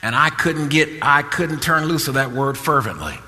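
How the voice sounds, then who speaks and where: A fairly high, bright male voice delivers a sermon with an impassioned, repetitive preaching cadence. The sound carries the long reverb of a church hall. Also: moderate pace.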